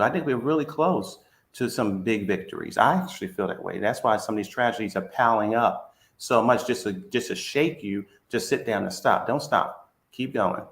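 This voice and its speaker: A man's voice: on the low side, normal speed, creaky, fairly bright tone. A man giving an impassioned, rousing speech in a live chat room, repeating phrases like a preacher. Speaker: guest speaker. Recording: roomy echo.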